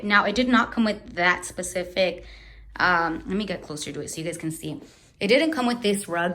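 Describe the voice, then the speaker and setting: A woman's voice: mid-range voice, fairly bright tone. A young woman chatting casually through a room tour as a beauty vlogger, rambling and searching for words, a little out of breath. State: a bit out of breath.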